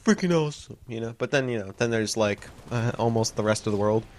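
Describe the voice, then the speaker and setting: A young man with a lowish voice rambles through a casual video commentary. He swears freely, laughs between thoughts and leans on fillers. A faint hiss sits under the recording. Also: flat delivery, fairly quick.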